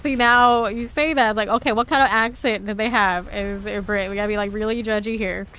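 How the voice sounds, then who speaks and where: Streaming a game, a woman with a light Southern US accent chats casually with her viewers, teasing herself and laughing often as she plays. Her medium-pitched voice is steady and sharp, and she talks briskly.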